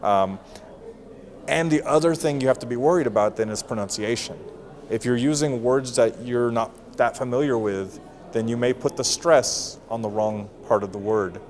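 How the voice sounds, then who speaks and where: A man in his thirties who teaches English at university, answering interview questions about giving speeches in a relaxed, explaining way. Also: mid-range voice, moderate pace. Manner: casual, explanatory, with fillers and restarts. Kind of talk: interview answers on public speaking.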